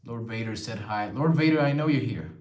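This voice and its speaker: A man's voice: medium pitch, a little fast, darkish tone. A young man hosting a casual livestream, reading viewer comments aloud and replying in a chatty way. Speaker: livestream host. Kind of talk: casual live-stream chat. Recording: echoey room.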